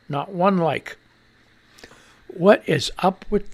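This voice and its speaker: A man's voice: sits high, expressive, takes it slowly, gravelly, fairly bright tone. A middle-aged man hosting a live radio show, rambling and sarcastic, often repeating himself and trailing off. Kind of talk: casual chat reading comments aloud.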